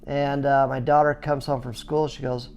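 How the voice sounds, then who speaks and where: A middle-aged man who owns a skateboard business, telling his story casually with lots of fillers and restarts, and animated sound effects. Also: mid-range voice, normal speed. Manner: chatty, full of "you know" fillers and restarts; animated, acts out sounds and reactions.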